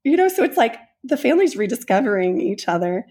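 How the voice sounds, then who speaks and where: Casual podcast co-host, a woman, warm-hearted and emotional, with a raspy edge. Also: on the high side, big pitch swings, fast. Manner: earnest, emotional storyteller who gushes. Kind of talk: casual conversation retelling a film.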